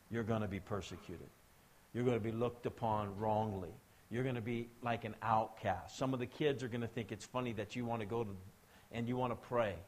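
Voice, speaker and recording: A man preaching a sermon to young people and adults, talking to them directly and asking them to answer back. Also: fairly low pitch. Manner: swings between soft and loud, rising to emphatic exhortations.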